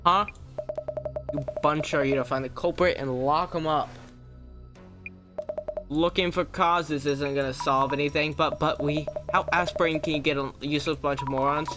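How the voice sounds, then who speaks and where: A streamer voicing an arrogant, scheming man who sneers and throws insults at everyone. His contempt runs through each line of the game dialogue. Game music plays clearly underneath. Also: mid-range voice, fairly even intonation, moderate pace, lightly acted. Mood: contemptuous. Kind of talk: reading game dialogue aloud.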